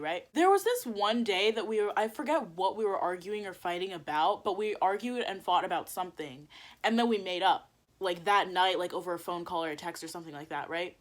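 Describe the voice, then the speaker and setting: A woman's voice: medium pitch, brisk. Chatty young woman telling a storytime. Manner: animated storytelling, heavy use of "like", swearing. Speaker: vlogger. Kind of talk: storytime vlog, casual chat.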